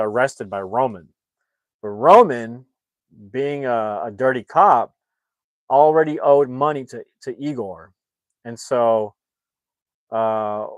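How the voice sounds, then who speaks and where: A man's voice: lowish voice, no room sound. A man casually recapping a movie plot in a rambling way, full of fillers like "you know.". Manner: rambling, many fillers and restarts. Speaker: movie reviewer.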